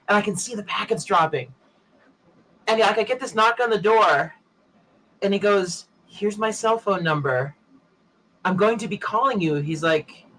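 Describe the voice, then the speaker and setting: A man's voice: sits high, pushed and bright, slight background noise, poor audio. A man hosting a casual tech chat, telling a long anecdote and acting out the other people in it. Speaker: show host.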